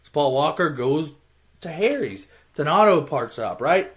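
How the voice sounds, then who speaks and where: A man's voice: fairly high pitch, big pitch swings, moderate pace, fairly bright tone. A man retelling a movie plot in a casual, rambling way, with lots of swearing and filler words. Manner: rambling, profane, full of fillers. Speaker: storyteller.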